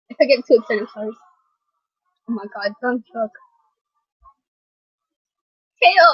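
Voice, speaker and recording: A young woman reacting to a music video, gushing with excited exclamations as she watches. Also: a little high, fairly quick, slightly rough, dry recording, highs cut off. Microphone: computer mic.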